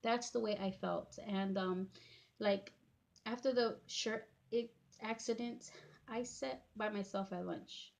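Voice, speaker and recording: A woman in her thirties telling her own life story in a halting, emotional way, full of fillers and restarts, tearing up as she talks. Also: medium pitch, fairly even intonation, creaky. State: tearful. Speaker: vlogger. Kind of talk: personal storytime.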